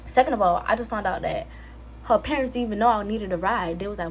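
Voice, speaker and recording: This is a Jamaican teenager vlogging a casual storytime, quick-paced in a mid-range voice, with slight background noise. She's chatty and full of fillers, animating other people's words with lively voices, and she records on a phone camera.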